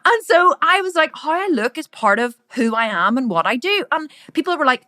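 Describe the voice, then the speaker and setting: Irish woman, middle-aged, loud and brash, sharp bright voice, dry close sound. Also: sits high, big pitch swings, brisk, few pauses, no room sound. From Ireland. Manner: loud, brash, swears freely. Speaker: business coach. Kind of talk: live training talk.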